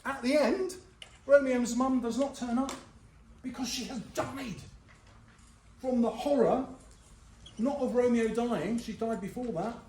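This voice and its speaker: A man teaching a revision lesson to a school year group, lively and jokey, acting out the characters. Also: extremely high pitch, a little slow, long pauses, slight background noise. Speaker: English teacher. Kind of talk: classroom revision lecture. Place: school hall. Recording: roomy hall sound from a distance.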